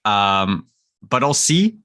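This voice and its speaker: A man's voice: on the low side, sing-song, slow pace, bright, forceful tone. A man talking casually as a player while planning a tabletop role-playing game, hesitant and stammering with wry asides.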